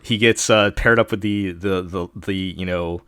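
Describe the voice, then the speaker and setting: A man's voice: sits low, steady tone, moderate pace, a bit bright, smooth, no echo, clean studio sound. A man hosting a casual podcast chat about anime, rambling with plenty of fillers and restarts. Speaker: podcast host.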